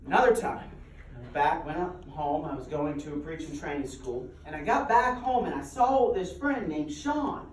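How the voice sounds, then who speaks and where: A man's voice: fairly high pitch, expressive, moderate pace, slight background noise. Man, preacher, humorous self-deprecating storytelling, roomy echoey hall, heard from a distance.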